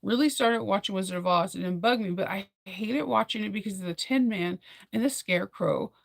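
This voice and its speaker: A young woman in casual chat, rambling and animated as she recaps a film, full of fillers and laughs. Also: medium pitch, a little fast, vocal fry, no echo, clean studio sound. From United States.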